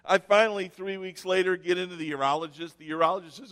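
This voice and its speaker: A man preaching a sermon, telling stories with sarcastic mock cheer and dramatic pauses. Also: high voice, fairly even intonation, a bit bright, long reverb tail. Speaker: pastor. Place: church sanctuary.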